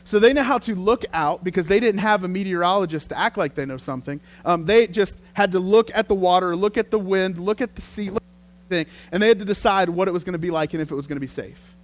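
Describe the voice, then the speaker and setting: A man preaching a sermon as pastor, telling the story in a lively, conversational way. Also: high-pitched, quick pace.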